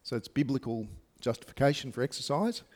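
A man's voice: medium pitch, lively intonation, a little fast. A man preaching a sermon to his congregation, speaking conversationally with many fillers and asides. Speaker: pastor. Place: church service.

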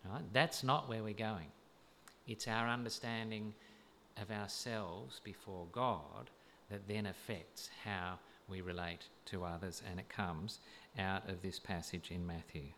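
A man giving a sermon-style camp talk, measured and thoughtful with hesitant fillers. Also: low voice, steady tone, pushed and bright, slight background noise. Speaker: camp speaker.

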